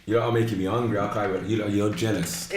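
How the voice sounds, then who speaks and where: A man hosting a live podcast, playfully shouting out viewers by name. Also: fairly low pitch, flat delivery, fast, a crowd in the background. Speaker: podcast host. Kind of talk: casual live podcast chat. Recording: roomy echo with faint background hiss.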